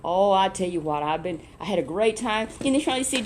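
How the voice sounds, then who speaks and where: Woman, children's Bible storyteller, animated, chatty asides to a puppet, mid-pitched voice. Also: a little fast, hardly any pauses, slight background noise.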